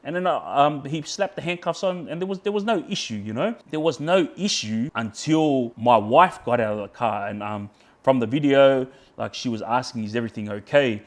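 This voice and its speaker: A man's voice: medium pitch, expressive, normal speed. A man with an Australian accent, a podcast guest casually telling a story and quoting himself as he goes. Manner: rambling, repeats words and restarts, quotes himself.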